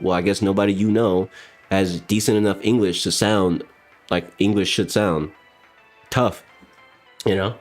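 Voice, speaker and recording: A man's voice: low voice, steady tone, measured pace, pauses often, soft background music. A young man hosting a game livestream, rambling casually with chat and swearing often. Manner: rambling, profane, talks to chat. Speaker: livestream gamer host.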